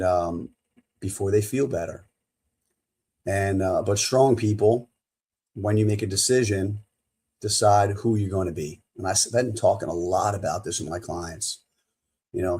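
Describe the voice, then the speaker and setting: A man's voice: fairly low pitch, a little mellow, breathy edge. A middle-aged man hosting a solo motivational podcast as a coach, emphatic and repeating his key phrases.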